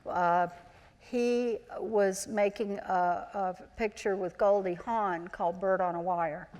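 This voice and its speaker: A woman in her sixties spins lively stories at a live onstage interview, slipping into the voices of people she quotes. Her pitch sits in the middle, and the large hall around her rings with a long reverb. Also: slow pace. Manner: chatty, animated, acts out quoted voices. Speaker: interview guest, former child actor. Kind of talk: anecdotal storytelling on stage. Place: large auditorium, live event.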